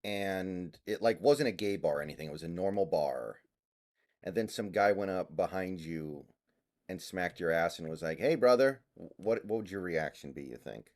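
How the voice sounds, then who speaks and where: Male streamer, low-pitched and unhurried, easygoing banter with a co-player, stumbles through fillers. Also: darkish tone. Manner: laid-back, halting with fillers. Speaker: streamer reading chat. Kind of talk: casual gaming chat.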